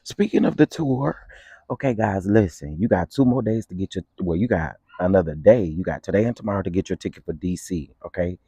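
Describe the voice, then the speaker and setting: A man's voice: sits low, animated, a little fast, mellow, husky, dry recording. A man hosting a casual morning livestream outdoors, greeting viewers by name in a playful, chatty, sing-song way. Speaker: livestream host.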